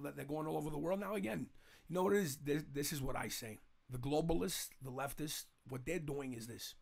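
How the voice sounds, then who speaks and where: Gravelly, rambling New York talk host. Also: male voice, fairly high pitch. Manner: rambling, repeats "you know" constantly. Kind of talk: casual political talk show.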